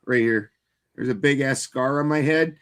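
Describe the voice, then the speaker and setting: A man's voice: medium pitch, normal speed, a bit bright, clear, resonant tone. A man in casual chat, telling loose, rambling stories and swearing freely.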